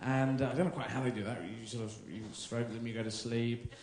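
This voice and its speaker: A man's voice: mid-range voice, steady tone, a little fast, darkish tone. A man with a British accent doing a surreal, rambling stand-up routine on a theatre stage, slipping in silly voices. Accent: British English. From England. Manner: rambling, playful, jumps into silly character voices. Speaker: stand-up comedian. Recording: echoey live theatre recording.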